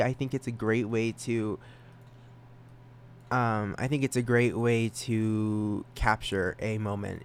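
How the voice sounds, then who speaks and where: A teenage boy hosting his own podcast, rambling and self-deprecating, giggling and jumping into sudden high silly voices. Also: clear, resonant tone. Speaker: podcast host.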